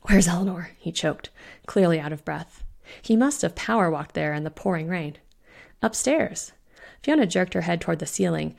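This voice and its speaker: A woman reading her own short story aloud in a steady, expressive storytelling voice. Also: on the low side, vocal fry. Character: witch Fiona voiced in own voice.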